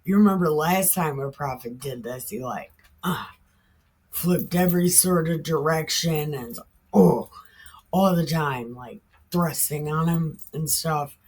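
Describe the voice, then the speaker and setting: A woman's voice: low-pitched, a little slow, a little mellow, husky. A woman retelling a Bible story in a casual, irreverent way, full of slang, cussing and laughing asides.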